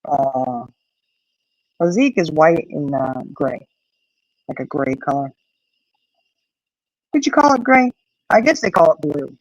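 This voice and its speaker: A woman's voice: deep voice, expressive, slow pace, long pauses, no room sound. Chatty older woman, lo-fi. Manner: chatty, rambling storyteller with many fillers. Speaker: host. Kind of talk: casual chat.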